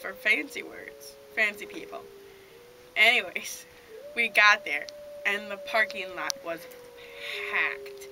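A dim, cheerful male deer hunter, played by a woman in a homemade comedy sketch, rambling through his story with a deadpan delivery. His voice sits at a middle pitch. The home video recording carries a clear layer of background noise. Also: slow.

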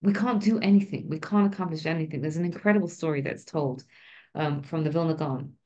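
A woman's voice: low-pitched, brisk, darkish tone, highs cut off. A woman teaching a Torah class in an informal, conversational way, often checking in with the listeners. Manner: conversational, keeps asking "right?".

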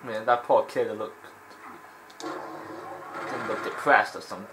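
A lowish-voiced man hosts a let's play at a slow pace, with background noise behind him. His gameplay commentary is rambling and digressive, punctuated by frequent laughter.

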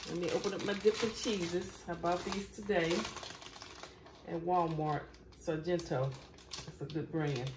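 A woman with a Southern US accent hosting a casual cooking vlog, chatty and quick to laugh at herself. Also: fairly low pitch, fairly even intonation, noisy background. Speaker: cooking show host.

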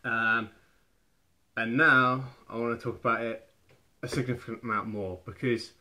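A man's voice: medium pitch, fairly bright tone, a little hiss or hum. A young man giving casual fitness advice to camera in a chatty, rambling way, often restarting his phrases. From England. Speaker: fitness vlogger.

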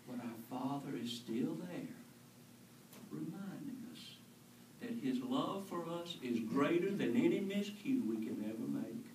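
A man's voice: a little high, a little mellow, a little hiss or hum. A male pastor preaching an earnest, conversational sermon, asking his congregation questions. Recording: echoey church from far off.

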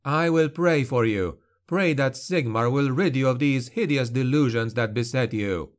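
A man voicing a young male noble in an audiobook, speaking higher and louder with earnest emotion. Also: normal speed, close to an everyday voice. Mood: pleading. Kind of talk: audiobook character voice.

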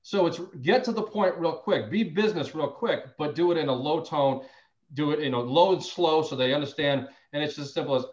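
A man who sells insurance, sharing phone-call tips in a casual, animated way and acting out both sides of a call. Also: a little high, a little fast. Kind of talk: casual sales training talk.

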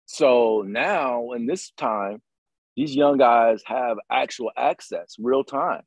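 Middle-aged male host, husky, emphatic and motivational, dry close sound. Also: mid-range voice, slow, no room sound, poor audio. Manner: emphatic, motivational, repeats phrases. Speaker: podcast host, retired Green Beret. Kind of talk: casual conversation.

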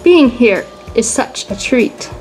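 A woman's voice: fairly high pitch, expressive, takes it slowly, a little mellow, soft background music, poor audio. A woman voicing a polite male house cat who speaks in rhymes.

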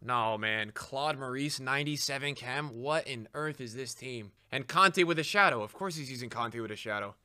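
A young man giving live commentary on his own football video game match to his chat, excitable, swearing often and yelling at big plays. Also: medium pitch, normal speed, hardly any pauses, clean tone. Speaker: game streamer.

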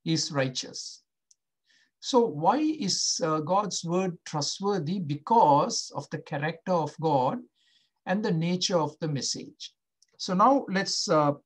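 A male pastor preaching a sermon, slow and emphatic, often asking the listeners questions. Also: on the high side, breathy edge.

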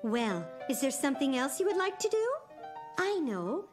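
Kind cartoon granny, older, soft-spoken and encouraging, high and lilting. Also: female voice, very animated, moderate pace, music in the background.

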